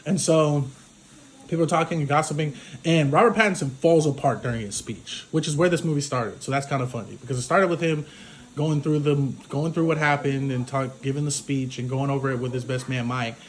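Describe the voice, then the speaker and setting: A man's voice: on the high side, brisk, a little hiss or hum. A man giving a casual spoken recap of a film as a reviewer, rambling with many fillers. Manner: rambling, filler-heavy retelling, full of "like".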